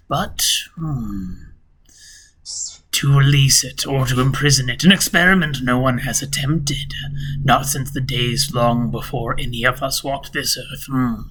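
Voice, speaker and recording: A man voicing an ancient, sinister male entity that is cryptic and amused, speaking slowly with soft whispers in a tabletop game. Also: mid-range voice, slightly rough. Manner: slow, savoring, with soft chuckles and hissed whispers. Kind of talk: game master voicing a character.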